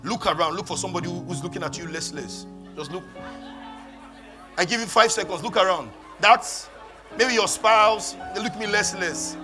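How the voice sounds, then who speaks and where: A man's voice: high-pitched, normal speed, music in the background. A man preaching a sermon in church, leading the congregation in call-and-response. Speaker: pastor.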